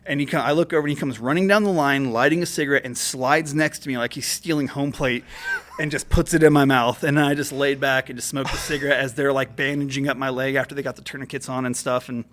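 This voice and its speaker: A man's voice: mid-range voice, fairly even intonation, fast talker, a bit bright, slight background noise. A man guest on a podcast, telling a story in a casual, profane way full of fillers. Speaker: guest, military veteran. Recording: podcast studio mic.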